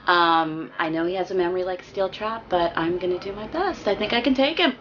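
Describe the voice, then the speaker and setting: Confident woman contestant, lowish voice, dull lo-fi sound. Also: lively intonation, fairly quick, a bit bright. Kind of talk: promo introduction.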